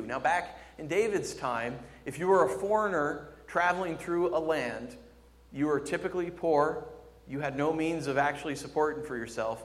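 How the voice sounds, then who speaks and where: A man preaching a sermon, jumping from loud, excited exclamations to quiet, low emphasis. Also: moderate pace. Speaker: pastor. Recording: long hall reverb.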